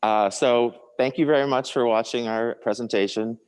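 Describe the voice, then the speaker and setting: A man's voice: mid-range voice, fairly even intonation, normal speed, darkish tone, clean tone. A man presenting a guided tour of a conservatory show house, informal with frequent fillers.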